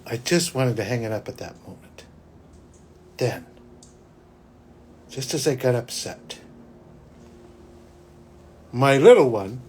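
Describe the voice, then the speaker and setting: A man, a psychic hosting his own show, telling a personal story in a rambling, restarting way that swings between loud and hushed. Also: mid-range voice, breathy edge. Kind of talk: spiritual podcast monologue, personal storytelling.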